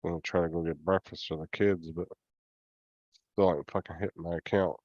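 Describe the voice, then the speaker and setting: A man's voice: low-pitched, fairly even intonation, a little fast, darkish tone, dry recording, highs cut off. A man hosting a live stream, chatting casually in a laid-back way and swearing freely.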